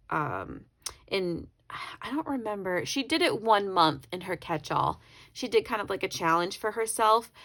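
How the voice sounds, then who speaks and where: A woman's voice: fairly low pitch, fairly bright tone. A woman talking casually through a planner flip-through, rambling and correcting herself as she goes. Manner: chatty, rambling, self-correcting. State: briefly tearful. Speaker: planner YouTuber.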